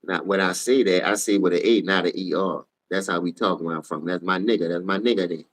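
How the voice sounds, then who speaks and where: A tired man with a New Orleans accent ranting profanely on a casual sports livestream, switching between low mumbles and loud outbursts. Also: a little fast. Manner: profane, heated, jumps between mumbling and shouting.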